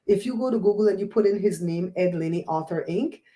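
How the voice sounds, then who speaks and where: Animated, preachy woman host, mellow tone. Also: medium pitch, a little fast. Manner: animated, preachy, laughs often. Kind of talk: casual livestream chat.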